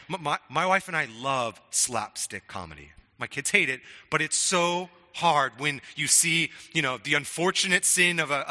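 A man's voice: fairly high pitch, bright, forceful tone, long reverb tail. A middle-aged man preaching a sermon in a conversational way, often stammering on restarts and checking in with "right?". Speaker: pastor.

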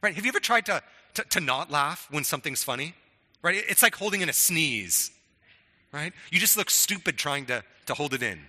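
Bright-voiced man preaching in echoing hall. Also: fairly high pitch, big pitch swings, fairly quick. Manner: conversational, frequent "right?" and stammered restarts. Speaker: pastor. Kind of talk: sermon.

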